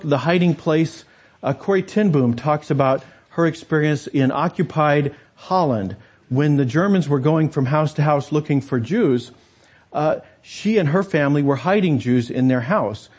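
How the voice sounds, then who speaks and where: A man's voice: fairly high pitch, normal speed, a little mellow, breathy edge. A man preaching a sermon as pastor, talking conversationally and turning to the congregation with rhetorical asides.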